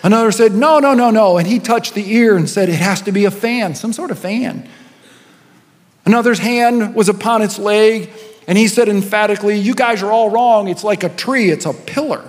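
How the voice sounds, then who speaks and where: A man's voice: high voice, moderate pace. A man, a senior pastor, preaching a sermon with storytelling and rising and falling intensity. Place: church auditorium. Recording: long hall reverb.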